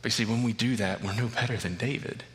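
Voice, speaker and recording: A man's voice: on the low side, fairly even intonation, quick pace, fairly bright tone. A man preaching a sermon, retelling a scripture story with building passion. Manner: storytelling, rising to impassioned intensity. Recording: long reverb of a large hall.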